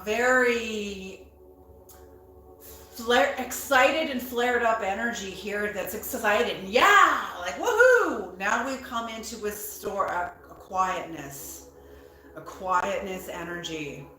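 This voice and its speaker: Woman, tarot reader, slow, bright tone, echoey room, faint background hum. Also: mid-range voice. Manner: slow and musing, repeats words, bursts of excitement. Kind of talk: spoken tarot reading.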